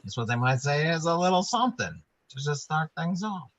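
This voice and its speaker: A man playing in a tabletop game over an online call, asking quick rules questions and chatting casually. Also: a little high, very animated, fairly bright tone, lo-fi sound. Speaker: player.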